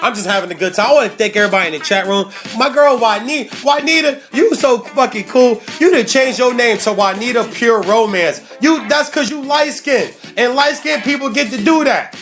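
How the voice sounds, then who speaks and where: A man in his forties hosting a sports talk show from a studio, hyped and animated, hoarse from laryngitis. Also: extremely high pitch, brisk, hardly any pauses. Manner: hyped, animated, laughing, sings along. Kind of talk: casual livestream chat. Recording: music playing loudly behind. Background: music playing.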